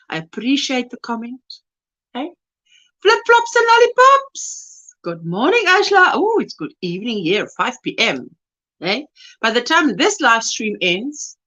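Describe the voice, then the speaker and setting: Chatty, animated woman hosting a crochet livestream. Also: high voice, muffled recording. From South Africa. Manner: chatty and affectionate, greets viewers by name. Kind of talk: casual livestream chat, greeting viewers. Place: at home, indoors.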